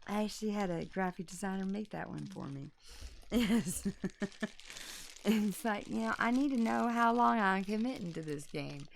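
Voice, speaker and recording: A woman's voice: mid-range voice, expressive, moderate pace, gravelly, a little hiss or hum. A woman in her fifties hosting a casual board game unboxing, joking bawdily and laughing often. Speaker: host.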